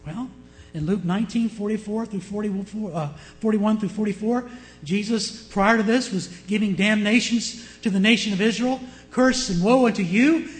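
High-voiced impassioned preaching man. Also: normal speed, rough recording. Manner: impassioned, swings from loud to hushed. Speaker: pastor. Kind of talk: sermon.

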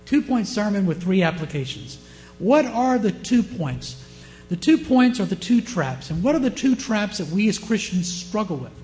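A man with a Southern US accent preaching a sermon, often asking his listeners questions and shifting his pace and loudness. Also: sits high, big pitch swings, normal speed, soft background music. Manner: asks the congregation questions, varies pace and loudness. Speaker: pastor.

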